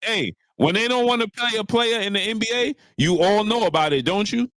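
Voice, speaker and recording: A lively man riffs on sports news during a live stream, his pitch swinging up and down as he repeats lines for emphasis. His voice sits a little high for a man. The sound is close and dry, with no room around it. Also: fairly quick, no room sound. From New York. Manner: animated, preachy, repeats lines for emphasis, greets chat viewers. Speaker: sports talk show host. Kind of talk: casual live-stream commentary.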